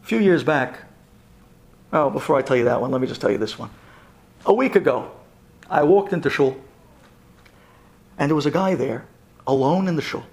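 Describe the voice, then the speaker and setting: A rabbi telling a story in a sermon, lively and animated, rising to exclamations and then going hushed and earnest. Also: male voice, a little high, husky.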